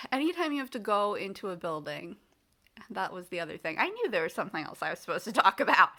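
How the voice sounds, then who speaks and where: A woman from the United States vlogging to the camera with a bright, clear voice. She rambles through casual chat full of fillers and restarts. When she is fed up she acts out the people in her story. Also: mid-range voice.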